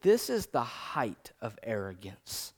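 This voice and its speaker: A man preaching a sermon, acting out scripture with big swings between loud, quick lines and low, slow King James readings. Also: breathy edge. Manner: animated, dramatizes scripture quotes with big swings in pitch and loudness.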